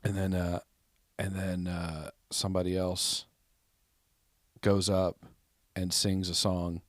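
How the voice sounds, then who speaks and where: Podcast host, American man, low-pitched, anecdote teller, close dry mic. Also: level tone, slow pace, no room sound. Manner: rambling anecdotes with loud, high-pitched quoted outbursts. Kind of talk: casual chat, storytelling.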